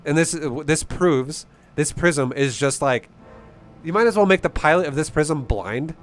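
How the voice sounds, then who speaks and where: A man's voice: fairly high pitch, lively intonation, measured pace, soft background music. A young man giving blunt, profane, rambling coaching on a game. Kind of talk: casual game coaching commentary.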